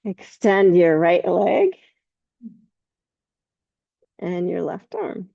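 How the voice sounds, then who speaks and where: A woman teaching a yoga class, giving slow, calm cues with soft laughs between poses. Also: lowish voice, vocal fry, no room sound, phone-quality sound. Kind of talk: guided yoga class instruction.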